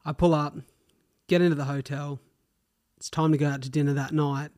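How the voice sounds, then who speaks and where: A man's voice: a little high, steady tone, normal speed, a little mellow. An Australian man hosting a solo podcast, telling stories in a chatty, slangy way and swearing casually. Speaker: podcast host.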